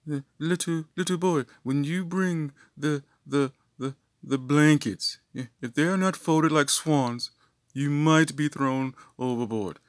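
A man's voice: a little high, measured pace, no room sound, studio quality, voice pushed up, close to an everyday voice. A man doing a prim yacht instructor. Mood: prim lecture.

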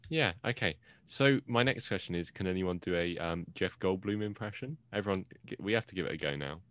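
Deep-voiced young man hosting a podcast. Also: fairly bright tone. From England. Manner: enthusiastic, quick to laugh. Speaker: podcast host. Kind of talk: casual podcast chat.

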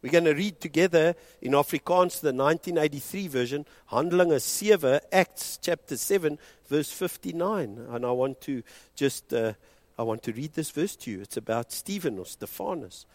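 A man's voice: fairly high pitch, animated, normal speed, no room sound. Impassioned South African male preacher. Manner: impassioned, swinging between soft and loud; switches between English and Afrikaans. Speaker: pastor. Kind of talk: sermon.

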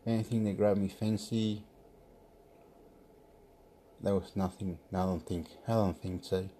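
A man's voice: low-pitched, fairly even intonation, a little slow, dark tone, slight background noise. A man giving football predictions in a rambling casual monologue, talking to himself, muttering and sometimes swearing.

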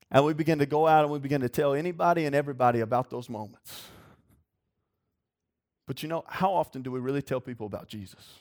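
A young man preaching a sermon, with a voice that sits a little high. He tells folksy stories and works himself up to excited shouts. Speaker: youth pastor preaching.

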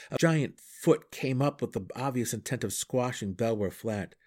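A man reading a fantasy novel aloud for a podcast with dramatic, animated storytelling. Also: mid-range voice, normal speed, husky. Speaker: audiobook podcast reader.

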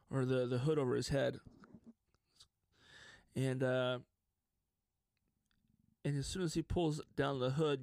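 A man hosting a casual solo podcast, telling stories in an excitable, openly emotional way. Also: medium pitch, vocal fry, no room sound. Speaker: podcast host.

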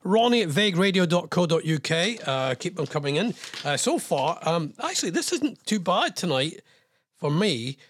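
A man's voice: sits high, big pitch swings, normal speed, a bit bright, slight background noise. A man hosting a radio show, chatting casually in a rambling, self-deprecating way. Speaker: radio host.

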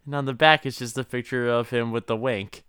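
A man's voice: mid-range voice, fairly even intonation, fairly quick, fairly bright tone, clean tone, no room sound, studio quality. A man co-hosting a podcast, chiming in with jokes and laughing a lot. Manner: chimes in with jokes and bursts of laughter. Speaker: podcast co-host. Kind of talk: casual comedic banter.

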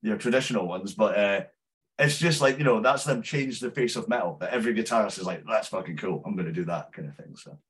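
A Scottish man with a fairly low voice talks loosely as a podcast guest. He swears freely and laughs often as he chats. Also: quick pace. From Scotland. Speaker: musician guest. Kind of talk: casual podcast interview.

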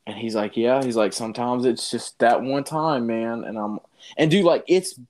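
A man telling a funny personal story in casual chat, animated and often laughing, calling the listener dude. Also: mid-range voice, moderate pace.

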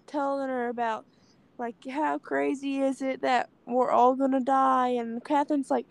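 A woman's voice: sits high, level tone, measured pace, vocal fry, dry recording. A young woman, in school, chatting casually about a film and retelling scenes with lots of 'like' fillers. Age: young adult. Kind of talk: casual movie chat.

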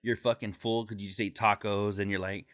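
A man's voice: lowish voice, level tone, fairly quick, a bit bright. Rambling, swearing man telling stories. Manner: rambling storyteller, heavy swearing, puts on voices in quotes. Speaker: podcast co-host. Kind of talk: casual chat.

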